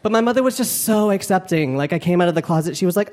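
Speaking very fast with few pauses, a man with a high-pitched, expressive, darkish-toned voice runs a stand-up set at a comedy club. He's playful and self-deprecating, often laughing through lines, as the live audience laughs amid room noise.

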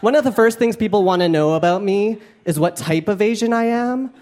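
This comic's voice sits high with a darkish tone, and he talks briskly. Performing stand-up at a comedy club in front of a live crowd, he pokes fun at himself playfully and frequently laughs mid-line, with audience laughter, room noise, and a faint crowd audible.

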